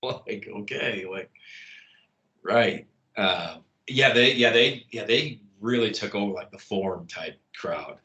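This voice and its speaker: A man's voice: on the low side, lively intonation, slow pace, bright, forceful tone. A man, a guest in an interview, telling a long anecdote in a rambling, casual way with many fillers and restarts. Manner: rambling, lots of "like" and restarts, laughs at his own story.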